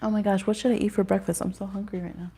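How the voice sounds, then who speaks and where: Chatty woman with vocal fry. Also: medium pitch, level tone, racing, dark tone. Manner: chatty and rambling, often laughing. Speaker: astrology and tarot reader hosting a live stream. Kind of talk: casual live-stream chat.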